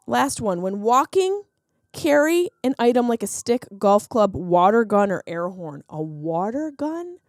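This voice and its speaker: A comedian hosting her podcast, a woman giving an animated, sarcastic monologue that keeps jumping into silly voices. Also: medium pitch, measured pace, dry recording, clean studio sound. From Sicilian heritage, lives in Los Angeles.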